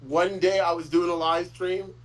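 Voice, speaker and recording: A man hosting a casual chat, talking in a rambling, warm-hearted way with frequent chuckles. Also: high voice, level tone, moderate pace, low-quality recording. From Florida. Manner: rambling, chuckles often, fillers. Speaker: host.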